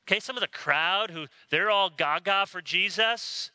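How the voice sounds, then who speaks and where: Animated man preaching a sermon. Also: a little high, moderate pace, hardly any pauses, no echo. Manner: animated, acts out quoted voices. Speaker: pastor.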